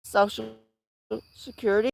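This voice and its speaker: A woman's voice: medium pitch, steady tone, unhurried, gravelly, no room sound. A middle-aged woman hosting a casual livestream, rambling with many fillers and restarts as she answers viewers in chat. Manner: replies to chat viewers by name. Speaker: livestream host.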